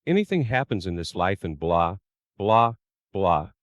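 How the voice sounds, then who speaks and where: A man's voice: deep voice, very animated, unhurried, dry recording, clean studio sound. A man narrating a first-person story in a plain storytelling voice, reading the quoted lines of others without acting them out.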